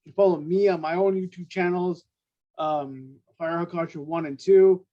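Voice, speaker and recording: A man with a fairly high voice co-hosting a casual sports podcast, heard through a dull, muffled lo-fi mic. He speaks hesitantly, restarting sentences and chiming in with brief agreements. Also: steady tone, moderate pace. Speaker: podcast co-host.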